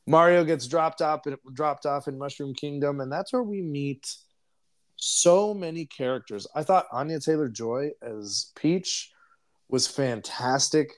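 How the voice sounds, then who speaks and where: A man's voice: fairly high pitch, unhurried. A young man co-hosting a podcast, casually recapping a film in a rambling way and laughing often. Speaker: podcast co-host. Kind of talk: casual chat, movie review.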